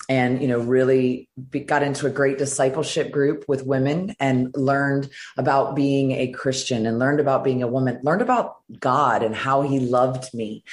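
A middle-aged woman from Virginia, a guest telling her personal story in an interview, earnest and halting with many fillers. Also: very deep voice. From Virginia, United States.

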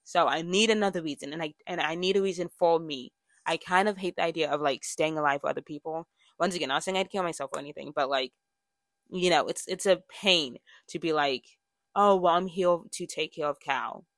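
A woman's voice: sits low, brisk, a bit bright, no echo. A young woman hosting a podcast, talking candidly in a casual monologue, with lots of fillers and restarts. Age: young adult. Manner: chatty and candid, with frequent fillers and self-corrections. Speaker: podcast host.

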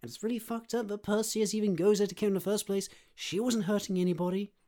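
A man co-hosting a casual podcast chat, excitable and rambling, full of fillers. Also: high voice, fast. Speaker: podcast co-host.

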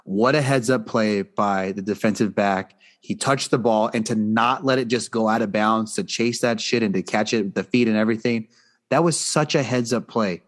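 A man's voice: lowish voice, moderate pace. A man co-hosting a casual sports talk show, ranting in a fired-up, profane way. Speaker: podcast co-host.

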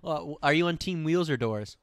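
A man's voice: fairly high pitch, lively intonation, brisk. A man in his twenties co-hosting a podcast, giggly and swearing a lot through casual banter on a close mic. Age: 20s. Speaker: podcast co-host.

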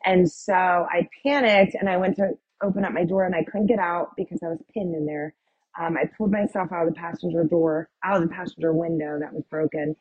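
Woman w a low husky voice telling her testimony, lots of likes and ums, kinda dull dry recording. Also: steady tone, fairly quick, dry recording. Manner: vivid retelling, with many "like" and "um" fillers. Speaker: guest sharing her testimony. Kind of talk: personal testimony storytelling.

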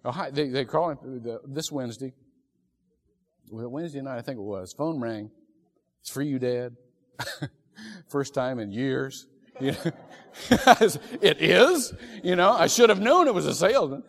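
Animated middle-aged male pastor preaching. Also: medium pitch, measured pace, vocal fry. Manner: animated storytelling, laughing often. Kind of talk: sermon. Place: church sanctuary. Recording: echoey church hall.

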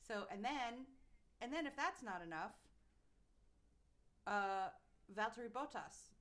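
A woman's voice: fairly high pitch, lively intonation, slow pace, fairly bright tone. A woman co-hosting a podcast, recapping events in casual chat with fillers and playful mock quotes. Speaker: podcast co-host.

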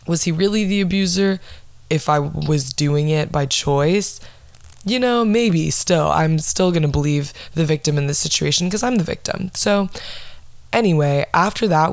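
A woman's voice: low-pitched, darkish tone, no room sound. A young woman podcast host ranting and telling stories in a casual, blunt way, with lots of swearing and dramatic asides. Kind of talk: casual profane storytelling rant.

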